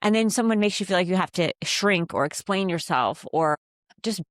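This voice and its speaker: Woman, communication coach, calm instructive delivery, faith-based self-help, dry close sound. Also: lowish voice, dry recording. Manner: calm, instructive, slows down to stress key phrases.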